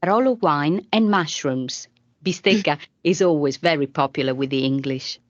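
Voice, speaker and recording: A woman's voice: deep voice, normal speed, lo-fi sound, natural voice. A woman voicing a friendly Italian waiter who explains the dishes in a lilting, explanatory way.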